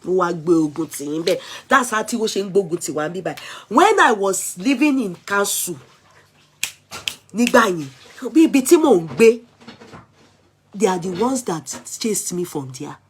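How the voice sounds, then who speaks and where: Taking calls on her vlog, a middle-aged Yoruba Nigerian woman offers casual commentary, exclaiming animatedly and moving between languages. She has a husky, medium-pitched voice at a normal speed.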